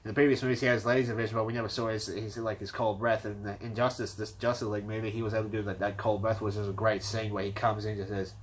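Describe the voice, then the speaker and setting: Man, lowish voice, casual fan commentary; stuttery, rambling, enthusiastic. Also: flat delivery, fast talker, few pauses, a little hiss or hum. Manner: rambling, frequent restarts and stutters. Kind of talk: casual fan debate monologue.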